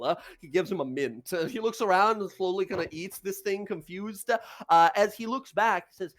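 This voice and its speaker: High-voiced rambling game master, a man. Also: a little fast, few pauses, a bit bright. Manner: loose, rambling, filler-heavy narration. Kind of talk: narrating a tabletop game.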